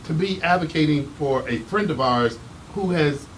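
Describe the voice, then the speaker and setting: A man hosting a casual talk show, animated and emphatic, teasing his guest. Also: a little high, normal speed, a little hiss or hum, rough recording. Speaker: host. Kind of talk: casual chat.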